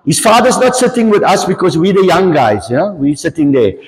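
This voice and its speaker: A man preaching a storytelling sermon, animated and repeating his key lines for emphasis. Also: high-pitched, a little fast. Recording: long hall reverb.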